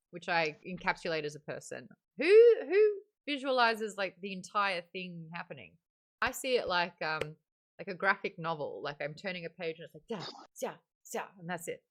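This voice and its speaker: Woman, book club host, casual livestream chat, animated, bright voice, laughs often. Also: lowish voice. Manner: animated, laughs often, acts out characters in quick asides.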